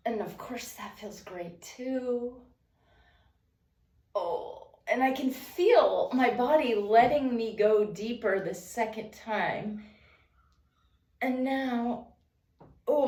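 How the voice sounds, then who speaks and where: Woman chatting thru her stretches at home, soft sighs, kinda far from the mic, roomy echo. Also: medium pitch. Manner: calm, breathy, sighing while stretching; moving and stretching while talking. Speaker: vlogger leading a stretching routine. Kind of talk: casual narrated stretching session. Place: room at home. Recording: echoey room, away from the mic.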